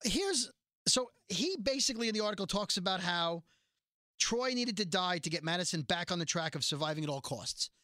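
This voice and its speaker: A man co-hosting a chatty podcast, his voice bright and a little high. He is recorded dry and close, with no room sound. He reads quotes aloud and undercuts them with wry jokes. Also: sing-song, brisk, no room sound. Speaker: podcast co-host. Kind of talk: casual podcast chat.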